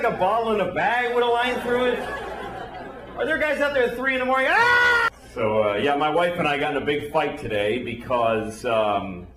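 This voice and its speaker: A middle-aged man rambles through a deadpan stand-up set on a club stage. His voice sits high and swings around a lot. The room is echoey, and a crowd laughs loudly behind him. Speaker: stand-up comedian. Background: laughing audience.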